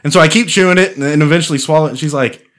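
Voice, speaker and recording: A man's voice: fairly high pitch, racing, fairly bright tone. A man chatting casually with friends, telling loose stories full of swearing and filler words. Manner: laid-back storyteller, swears freely, lots of "like". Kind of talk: casual chat.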